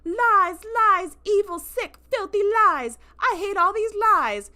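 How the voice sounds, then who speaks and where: A woman voicing a spiteful, petulant young male alien villain in a shrill, ranting voice. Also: very animated, takes it slowly, a bit bright, full character voice. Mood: furious.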